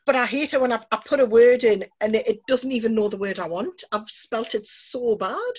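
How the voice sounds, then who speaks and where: Enthusiastic woman host, husky tone, muffled recording. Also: fairly high pitch, animated, a little fast, a little mellow. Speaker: podcast host. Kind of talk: casual chat.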